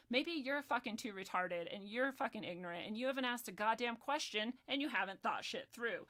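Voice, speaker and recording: A woman's voice: fairly high pitch, pushed and bright. A woman hosting a livestream, ranting in a heated, profane and sarcastic way, reading the chat now and then. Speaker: livestream host.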